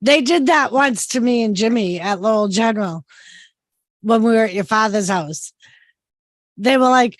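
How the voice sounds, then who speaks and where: A woman's voice: fairly high pitch, lively intonation, moderate pace, pauses often, dry recording. A woman chatting casually, telling a brash, sweary story built to a punchline.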